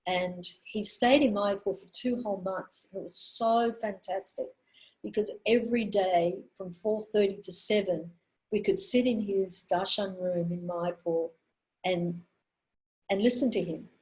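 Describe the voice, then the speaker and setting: Older lady giving a devotional talk, earnest, lots of ums and restarts, middle pitch. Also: steady tone, darkish tone, poor audio. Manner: earnest storyteller, pausing on fillers and restarts. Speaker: women's minister giving a talk. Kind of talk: anecdotal spiritual talk.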